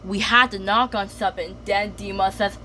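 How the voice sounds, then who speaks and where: A woman's voice: mid-range voice, fairly even intonation, normal speed, bright, forceful tone, slight background noise. A woman eagerly retelling cartoon episodes, chaining events with "and then" and acting out the characters' lines. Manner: eager, breathless storytelling with many "and then"s.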